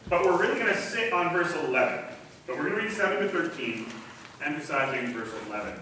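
A man's voice: on the high side, expressive, fast talker, bright, forceful tone, slight background noise. A man preaching a sermon as pastor in a church, teaching in a conversational way with some fillers. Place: church sanctuary. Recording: echoey hall, distant mic.

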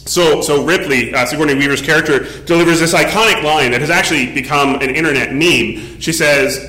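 A pastor in his forties gives a casual church sermon, telling a story in a chatty way packed with fillers. His voice is fairly high, pushed and bright, and he speaks briskly with few pauses in an echoey room.

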